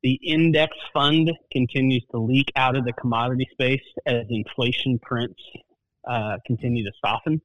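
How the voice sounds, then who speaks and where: A man who is a market analyst guest, speaking in a plainspoken, measured way with folksy turns of phrase. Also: mid-range voice, fairly even intonation, no room sound, lo-fi sound. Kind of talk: casual market talk.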